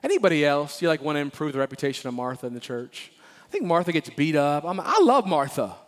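A man preaching a sermon as pastor of a church, animated and emphatic, often repeating phrases and playfully acting out Bible characters. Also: fairly high pitch, fast talker. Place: church sanctuary.

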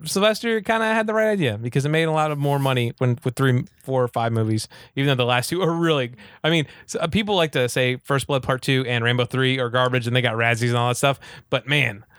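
A man casually retelling a movie plot in a rambling, animated way, full of fillers. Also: mid-range voice, quick pace, few pauses, clear, resonant tone, no room sound, clean studio sound.

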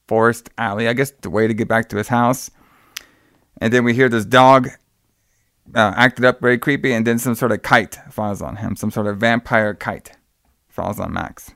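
A man recapping a movie in a loose, rambling way, stacking "and then" on "and then." His voice sits at an ordinary middle pitch. The sound is dry and close, with no room around it. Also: a bit bright, no echo. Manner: rambling retelling with acted-out quotes. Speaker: podcast co-host recapping a film. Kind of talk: casual chat.

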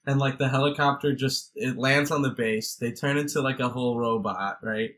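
A man's voice: medium pitch, fairly even intonation, moderate pace, fairly bright tone. A man co-hosting a casual movie podcast, laughing often and swearing freely. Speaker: podcast co-host.

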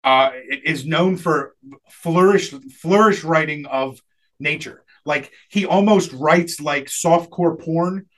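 A high-voiced man tells a long comic story in a loose, chatty way. He laughs often and slips into the voices of the people he quotes. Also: slow pace, a bit bright. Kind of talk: casual storytelling chat.

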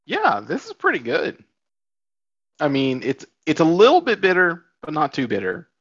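A man's voice: fairly high pitch, wildly swooping pitch, normal speed, fairly bright tone, slightly rough, no room sound. Easygoing man, slightly dull dry sound. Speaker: podcast co-host. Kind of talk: casual podcast chat.

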